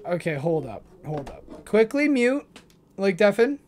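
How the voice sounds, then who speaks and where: A woman's voice: mid-range voice, very animated, unhurried, darkish tone, slight background noise. A nineteen-year-old woman streaming, chatting casually and affectionately with her audience and partner. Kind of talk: casual livestream chat.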